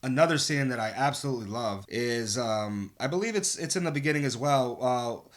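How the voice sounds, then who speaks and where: A man's voice: medium pitch, animated, a little fast, slight background noise. A man co-hosting a casual film review podcast, talking enthusiastically with lots of ums and uhs. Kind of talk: casual chat.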